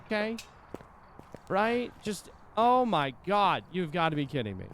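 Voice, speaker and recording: Guy streaming a ghost game, high-ish voice, cursing and grumbling at stuff, faint hum behind. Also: very animated, a little slow, a bit bright. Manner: exasperated, swearing, talks to the ghost. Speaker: gaming streamer. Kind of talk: casual let's-play commentary.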